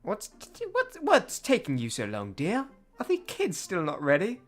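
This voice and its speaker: A man voicing a gentle middle-aged mother from a dating game, with a soft sing-song tone. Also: high voice, huge pitch swings, measured pace, faint music behind, pitched above the performer's own voice, heavily acted. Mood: sweet.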